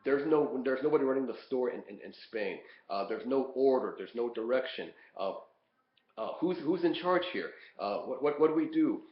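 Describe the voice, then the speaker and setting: Man, college lecturer, halting, lots of uh, echoey, muffled recording. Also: medium pitch. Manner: halting, heavy fillers and repeated words. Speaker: college instructor. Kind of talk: lecture recording previewing readings. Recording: echoey, dull lo-fi room recording.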